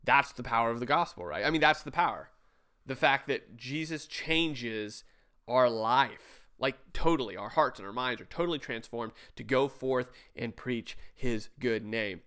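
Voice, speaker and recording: A man talking through a sermon review in a loose, conversational way. His voice sits at an ordinary pitch, and he stops to restart his sentences and toss in asides as he criticizes what he hears. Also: unhurried, pushed and bright, smooth. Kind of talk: casual commentary over a played sermon.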